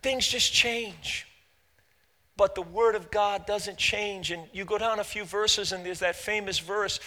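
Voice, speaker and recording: A middle-aged male pastor preaching a sermon, with many fillers and repeated words, building from halting explanation to loud, fervent preaching. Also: high voice.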